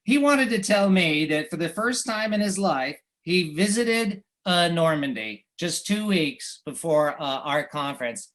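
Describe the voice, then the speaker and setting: An American man, a cartoonist, giving a wry, anecdotal slide presentation, pausing often with fillers and little chuckles. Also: on the high side, expressive, a bit bright. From United States.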